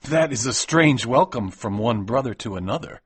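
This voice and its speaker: Storybook hero: calm young man, husky, lively intonation, voiced by a male reader. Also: medium pitch, normal speed, no echo. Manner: calm, confident. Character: bold young male newcomer. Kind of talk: storybook reading for English learners.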